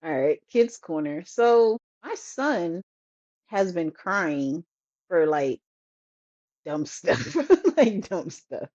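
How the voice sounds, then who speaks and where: Female co-host, animated pitch, exasperated and laughing delivery, dull remote audio. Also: very slow. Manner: expressive, laughing, exasperated parenting rant. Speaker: podcast co-host. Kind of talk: casual chat.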